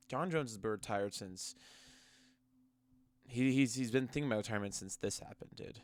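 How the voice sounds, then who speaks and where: A man's voice: medium pitch, moderate pace, pauses often, no room sound. A young man ranting casually and profanely about combat sports, mocking and heated. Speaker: MMA commentary vlogger. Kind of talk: casual rant to camera.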